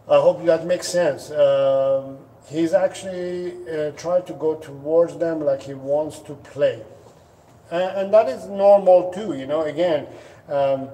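A man's voice: fairly high pitch, mellow, recorded from a distance, a little hiss or hum, poor audio. A man who is a dog trainer answering viewers' questions in a casual live stream, patiently explaining and sometimes acting out what a dog might be thinking. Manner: patient, explanatory, acts out dogs' thoughts in playful voices. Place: indoors at home, dogs nearby.

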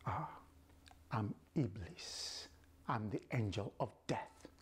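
A man voicing a cold, menacing male angel of death who speaks low and slow. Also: animated, breathy edge, exaggerated voice.

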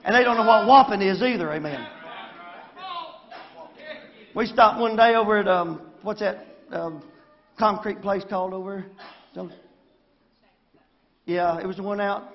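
High-voiced Southern preacher calling for amens. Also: male voice, measured pace, long pauses, muffled recording, slight background noise. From Arkansas. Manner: folksy, calls for amens. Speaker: pastor. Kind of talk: sermon. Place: church sanctuary.

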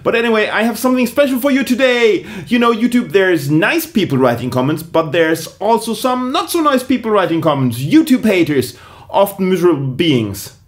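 Sarcastic man, high voice. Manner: dry, sarcastic delivery. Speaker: comedian. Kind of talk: comedic vlog to camera.

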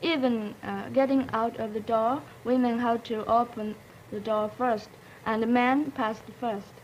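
Young woman, Japanese accent, hesitant halting english, slightly high voice, faint hiss behind. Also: steady tone, highs cut off. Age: late teens. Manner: hesitant, searching for English words. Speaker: exchange student panelist.

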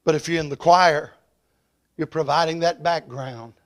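A man preaching a revival sermon in a church. He tells a story and swells loud and high at the climaxes, then drops soft at the closes. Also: fairly even intonation, moderate pace. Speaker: evangelist preacher. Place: church sanctuary.

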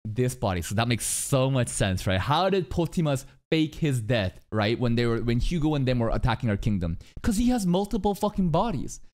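A man reacting to an anime episode in casual, excitable commentary, thinking out loud and swearing often. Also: mid-range voice, a little fast, hardly any pauses.

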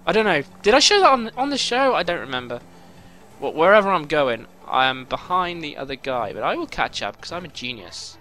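A man's voice: fairly high pitch, very animated, fairly quick, sharp tone. A young man commentating his own gameplay, swearing often and boiling over in frustrated outbursts. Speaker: gaming YouTuber.

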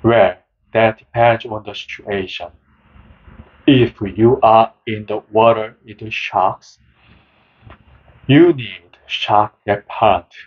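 A man reading a book summary aloud as scripted narration, slow and measured. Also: fairly low pitch, breathy edge. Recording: dull, lo-fi sound.

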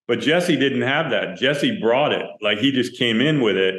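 This man, a film director, speaks at medium pitch and a moderate pace with few pauses while sharing on-set anecdotes in an interview. He performs the dialogue he quotes with real animation. There's a roomy echo on the audio.

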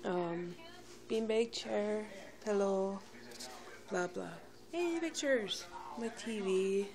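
A woman vlogging casually to her camera, rambling with many fillers and restarts in a fairly monotone voice. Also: medium pitch, drawn-out words, a crowd in the background. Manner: monotone, by her own account; quiet, subdued and near a whisper. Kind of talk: casual home vlog talk.

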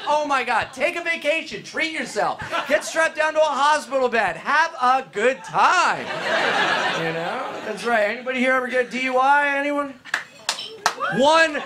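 Brash high-voiced male stand-up comic. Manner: brash, crowd-teasing, loud punchlines. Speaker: stand-up comedian warming up the crowd. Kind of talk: stand-up set. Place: comedy club stage. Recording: noisy live club recording. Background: audience laughter.

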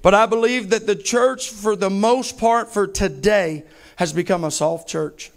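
High-voiced preacher man. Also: unhurried. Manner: fervent, emphatic preaching with heavy repetition. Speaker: pastor. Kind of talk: sermon.

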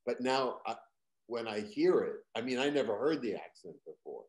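Older comedian telling stories. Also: male voice, mid-range voice, big pitch swings, normal speed. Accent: General American, trained out of Boston. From Boston. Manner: comic storyteller, slips into loud put-on local voices for punchlines. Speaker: guest comedian. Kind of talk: interview storytelling.

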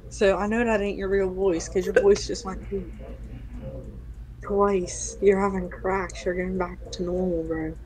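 A woman's voice: mid-range voice, lively intonation, takes it slowly, warm tone, rough recording. An eighteen-year-old woman from Pittsburgh with a Pittsburgh accent, teasing and laughing in casual chat. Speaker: young woman being interviewed.

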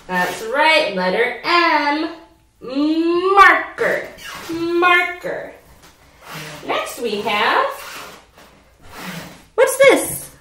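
A woman teaching a preschool phonics lesson from home, speaking slowly and repeating letter sounds for young children. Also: high voice, very animated, pushed and bright, reverberant, a little hiss or hum. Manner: slow, sing-song, repeats sounds for children. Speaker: pre-K teacher.

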